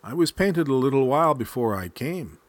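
A man's voice: medium pitch, expressive, no room sound, pitched above the performer's own voice, natural voice. A man voicing a small, clever male raccoon trickster in a spoken folk tale, sly and pleading by turns. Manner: pleading, quick-witted.

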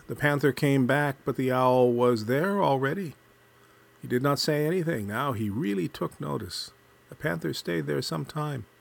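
A male storyteller reading a folk tale in a measured, deliberate cadence. His voice is husky, and his pitch moves in lively rises and falls while the pace stays slow.

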